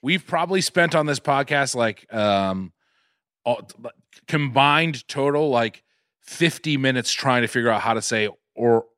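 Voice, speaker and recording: A man teasing his co-hosts on a podcast with quick wisecracks. His voice is bright and pointed, with animated rises and falls, and it's recorded close and dry. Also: medium pitch, clear, resonant tone, dry recording. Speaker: podcast co-host. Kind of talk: casual podcast banter.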